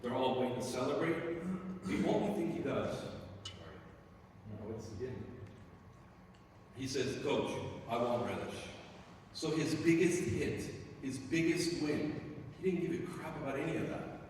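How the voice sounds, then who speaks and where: A man's voice: mid-range voice, moderate pace, pauses often, a little mellow, slight background noise. A man who coaches youth sports, telling stories and giving advice to a group of parents, acting out the voices of the people he quotes. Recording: echoey hall, speaker far from mic.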